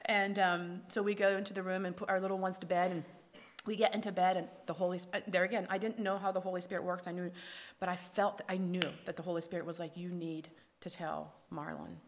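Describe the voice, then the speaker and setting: A woman's voice: lowish voice, quick pace, slight background noise. Woman telling her faith testimony. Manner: lively storyteller who acts out quoted dialogue; drops to a hushed whisper at tender moments. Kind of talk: personal testimony storytelling.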